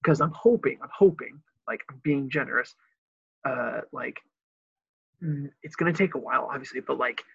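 Young husky-voiced man from Illinois, relaxed storytelling chat, dull dry recording. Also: moderate pace, no room sound. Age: young adult. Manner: animated, laughs often, breaks into high excited voices. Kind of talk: casual chat. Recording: dry, slightly dull lo-fi sound.

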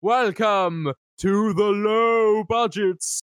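A man's voice: sits high, clean tone, dry recording, clean studio sound, pitched above the performer's own voice. A man putting on a spooky male announcer voice with a mock Jamaican accent, drawing out every word. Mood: booming. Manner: drawn-out showman announcing.

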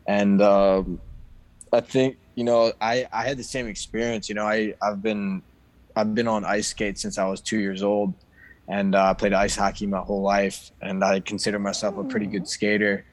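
A man who plays hockey, talking in a casual chat, halting with lots of fillers. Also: lowish voice, level tone, no echo, low-quality recording. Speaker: guest, hockey player.

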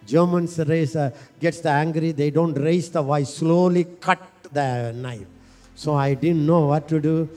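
Guy preaching, slightly high voice, slow dragged out lines, bit of music in the back. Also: steady tone, a little mellow. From India. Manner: impassioned, leads call-and-response with slow, stretched phrases. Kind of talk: sermon.

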